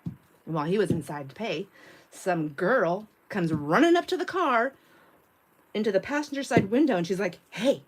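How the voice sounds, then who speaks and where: A woman's voice: mid-range voice, expressive, normal speed, a little hiss or hum. A middle-aged woman hosting a craft livestream who tells stories in a casual, chatty way, laughs often and acts out the quotes. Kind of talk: casual chat while crafting.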